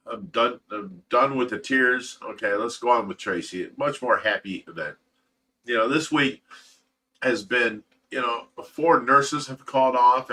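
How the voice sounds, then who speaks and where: A man's voice: mid-range voice, pushed and bright, distant mic. A man hosting a casual livestream, talking in an emotional, rambling way with repeated words and swearing. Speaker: host of a fish rescue livestream.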